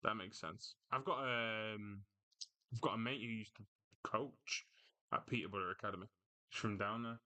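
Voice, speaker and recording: A man's voice: fairly low pitch, moderate pace, long pauses, sharp tone. A man hosting a casual football livestream, chatting loosely and answering viewers' comments as he reads them out. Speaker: livestream host.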